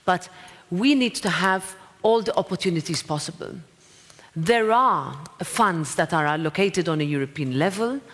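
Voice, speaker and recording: A woman's voice: lowish voice, expressive, moderate pace. A woman giving a speech and answering an audience, direct and encouraging, with asides to the crowd. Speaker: president of a parliament, guest speaker. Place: lecture hall. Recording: long hall reverb.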